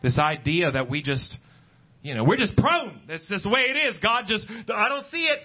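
Man preaching, husky voice, slightly high pitch, dull lo-fi recording, faint guitar behind. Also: sing-song, moderate pace. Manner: conversational preaching, pitch climbing when emphatic. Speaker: pastor. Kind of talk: sermon. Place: church service.

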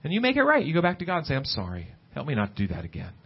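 A man preaching a sermon at a church service, talking conversationally and climbing in pitch when he stresses a point. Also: wildly swooping pitch, racing, breathy edge. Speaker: pastor. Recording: dull lo-fi church recording with faint guitar.

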